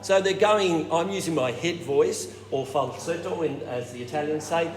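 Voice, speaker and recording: A man leading a choir warm-up workshop, explaining technique and showing it with hums and falsetto sounds. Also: moderate pace. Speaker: choir director. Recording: roomy hall with reverb and noise.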